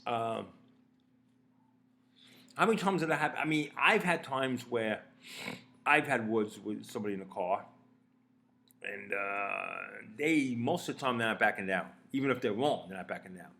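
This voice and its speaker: A man's voice: mid-range voice, measured pace, vocal fry, long pauses, sharp tone. A man talking to camera in a rambling, casual monologue, blunt and profane, with frequent restarts and fillers. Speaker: vlogger.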